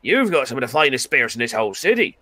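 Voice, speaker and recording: A man voicing a loud, boisterous male adventurer who talks in brash, chummy slang. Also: medium pitch, big pitch swings, racing, dry recording. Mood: wheedling.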